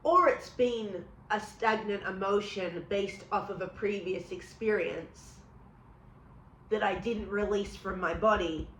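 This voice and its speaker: New York woman leading calm tapping affirmations. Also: medium pitch, slight background noise. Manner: calm, measured affirmations for the listener to repeat. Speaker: EFT tapping guide. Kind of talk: guided tapping session with spoken affirmations. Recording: roomy echo.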